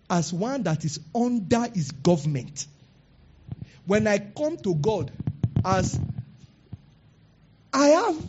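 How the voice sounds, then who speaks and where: A man's voice: high-pitched, a little mellow, highs cut off. A man preaching a sermon and acting out the people in his stories. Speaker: pastor.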